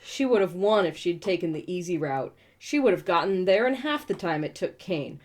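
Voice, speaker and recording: A woman's voice: fairly low pitch, lively intonation, normal speed, a little mellow. A woman reading a novel aloud and breaking in with snarky, profane asides. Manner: snarky, profane asides between read passages. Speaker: book reviewer reading aloud.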